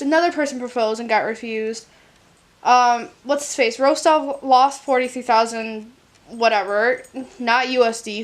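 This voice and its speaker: A young woman chatting casually in a reading vlog at home, candid and exasperated, swearing freely. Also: a little high. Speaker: book vlogger. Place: home, indoors. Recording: faint room noise from the air conditioner. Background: faint air conditioner hum.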